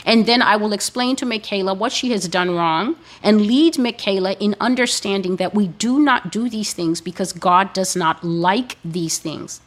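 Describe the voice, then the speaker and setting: Slow, emphatic woman preacher. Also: medium pitch. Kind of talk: teaching sermon.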